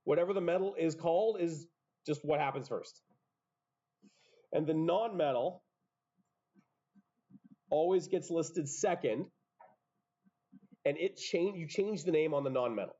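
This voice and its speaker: A man's voice: a little high, unhurried, long pauses, dark tone. Muffled chemistry teacher, man lecturing. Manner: explains step by step, self-interrupting asides. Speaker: high school chemistry teacher. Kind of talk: classroom lecture.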